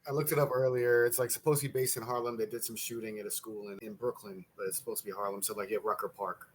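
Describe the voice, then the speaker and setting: A man's voice: on the low side, level tone, fast, slight background noise. A man guesting on a casual podcast, laughing often and talking loosely.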